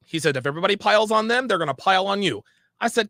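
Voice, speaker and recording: Male podcast host, bright, forceful voice, heated monologue recorded dry and close. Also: fairly high pitch, quick pace, creaky, no echo. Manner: animated, profane, acts out quoted conversations.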